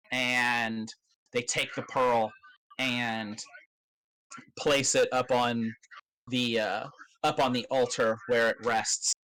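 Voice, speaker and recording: A man narrating as game master of a tabletop game, in a loose, halting way with many fillers and casual swearing. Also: mid-range voice, level tone, bright, forceful tone, smooth, poor audio.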